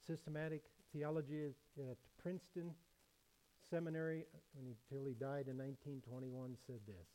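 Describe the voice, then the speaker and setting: A man preaching a sermon in a measured, emphatic way. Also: fairly high pitch, dark tone, rough recording. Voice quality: emphatic, measured delivery with many quotations.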